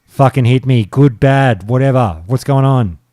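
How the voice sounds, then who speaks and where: A man hosting a casual gaming podcast, swearing freely and rattling through patch notes quickly. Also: mid-range voice, mellow, dry recording, clean studio sound. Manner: profane, joking, reads patch notes at speed. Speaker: podcast host.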